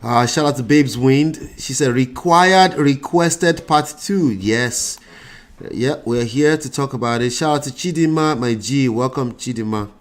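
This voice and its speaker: A congested man hosts a casual livestream, chatting loosely and calling out viewers by name. His voice sits at an ordinary middle pitch for a man. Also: moderate pace. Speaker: relationship coach and show host.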